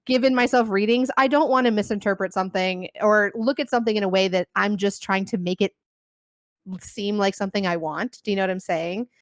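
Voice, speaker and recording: A young woman guest chatting casually, loud and quick, laughing often. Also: mid-range voice, steady tone, no echo, studio quality. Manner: loud, fast-talking, laughs a lot. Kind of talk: casual chat.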